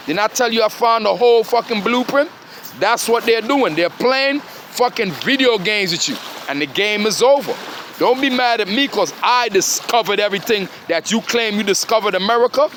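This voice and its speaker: A man's voice: very high voice, fairly bright tone, slight background noise. A man delivering a rambling, confrontational monologue, profane and repeatedly demanding "huh?".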